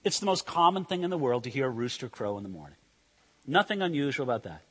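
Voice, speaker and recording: A male pastor delivers a sermon in a bright, sharp voice that climbs high and dips low. He swings from loud emphasis to hushed intensity. His voice carries a long reverb, as if in a large hall. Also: big pitch swings, fast, husky.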